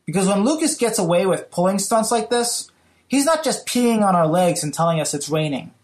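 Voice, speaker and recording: A man with a put-on British accent voicing a pompous gentleman caller in a comic, profane voicemail rant. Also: high-pitched, animated, brisk. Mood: haughty. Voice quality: mock-haughty, profane.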